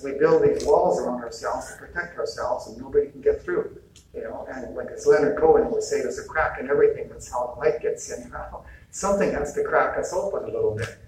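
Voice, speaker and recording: A slightly mellow, medium-pitched man leads a conversational spiritual talk on healing at a retreat, often chuckling and voicing bits of dialogue. There's a little hiss or hum, with faint ambience from an echoey hall mic placed at a distance.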